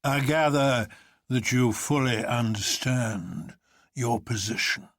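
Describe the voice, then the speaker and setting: A man's voice: mid-range voice, slow, no room sound, clean studio sound. A man voicing a huge, commanding older man who presides over an anarchist council, drawling with grand mockery.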